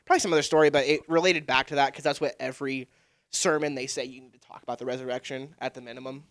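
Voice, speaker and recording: A young man in casual podcast chat, laid-back, calling people dude and swearing freely, breaking into loud laughs. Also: medium pitch, steady tone, very fast, dry recording, clean studio sound. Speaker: podcast co-host, guest on his church upbringing.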